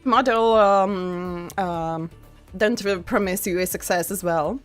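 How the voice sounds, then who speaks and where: Speaking slowly in a low-leaning voice over soft background music, this VTuber streamer reads her chat aloud and talks casually with viewers. She's a non-native English speaker with an accent, and her talk is full of fillers and frequent laughter.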